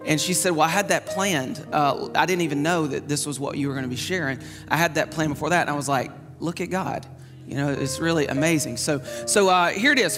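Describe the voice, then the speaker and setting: A pastor with a very high-pitched voice preaches a sermon, telling stories in lively, quick bursts. His voice rings with long reverb through a large church hall. Faint music sits beneath it. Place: church sanctuary.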